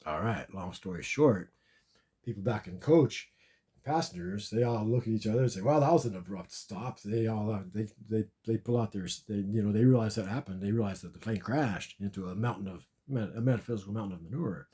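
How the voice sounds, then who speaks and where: A man with a low, dark, mellow voice spins a long comic tale about a dream. He rambles, repeats himself and restarts sentences as he goes. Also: fairly quick. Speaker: storyteller recounting a dream.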